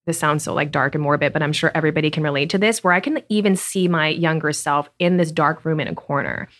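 Woman podcast co-host, lowish voice, gentle and earnest, casual chat. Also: fast. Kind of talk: casual conversation.

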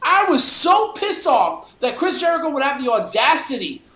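A man's voice: very high-pitched, sing-song, normal speed, sharp tone. Fired-up, foul-mouthed man ranting in an echoey room. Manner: profanity-laced, fired-up ranting. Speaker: podcast co-host. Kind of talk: heated opinion rant on a podcast.

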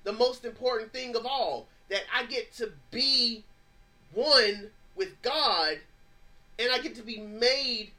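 A man's voice: very high voice, fairly even intonation, normal speed, hardly any pauses, sharp tone. A married man, the show's host, giving a fervent, preacherly testimony with rising and falling emphasis. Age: adult, married. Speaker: podcast host.

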